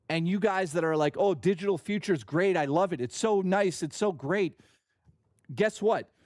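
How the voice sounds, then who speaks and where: A man's voice: a little high, dry recording, clean studio sound. A man hosting a live stream, ranting in a heated, profane, worked-up way. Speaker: streamer host.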